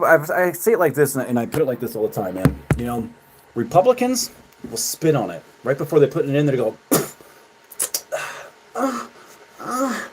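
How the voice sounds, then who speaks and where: A man streaming live and ranting back at his chat, full of mockery and swearing. He laughs often between jabs and swings between loud outbursts and low, muttered asides, at a medium pitch. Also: a little hiss or hum. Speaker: livestreamer. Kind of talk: livestream rant to chat.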